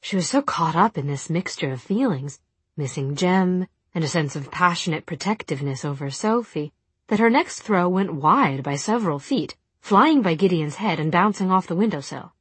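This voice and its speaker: A woman narrating a novel as an audiobook, with a steady, expressive reading. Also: fairly low pitch, normal speed, slightly rough, no echo.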